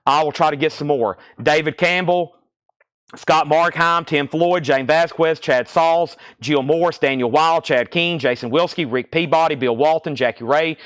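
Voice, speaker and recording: A man's voice: a little high, fairly bright tone, clean tone, dry recording. Breathless man running a live record sale. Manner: brisk, reads off names and prices. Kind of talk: live-stream sales patter.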